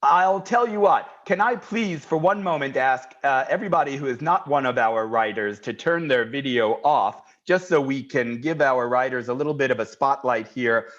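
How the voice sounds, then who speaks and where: A man's voice: medium pitch, moderate pace, hardly any pauses, fairly bright tone, muffled recording. A man co-hosting an online show, chatting playfully and leading the audience. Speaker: show co-host. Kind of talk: casual chat and audience hosting.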